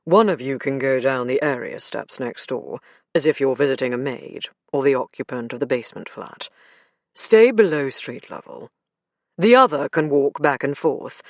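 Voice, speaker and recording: A woman voicing a brisk, commanding male police inspector giving orders. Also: rumbling low, dry recording, clean studio sound, voice pushed down.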